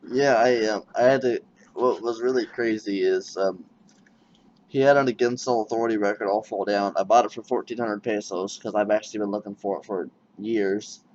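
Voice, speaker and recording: Man, casual interviewer, animated storyteller, muffled lo-fi sound with faint hiss. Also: lowish voice, normal speed. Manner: animated storyteller, acts out quotes.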